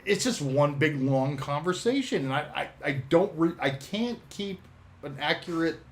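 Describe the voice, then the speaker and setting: A man's voice: a little high, expressive, normal speed, slight background noise. A man co-hosting a podcast in casual chat, rambling, laughing often and swearing now and then. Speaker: podcast co-host and shop owner.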